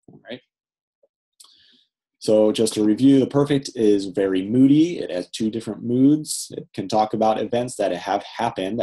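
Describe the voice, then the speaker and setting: A man's voice: lowish voice, mellow, low-quality recording. A middle-aged man teaching Hebrew grammar in a lecture, explaining patiently and checking in with "right?" often.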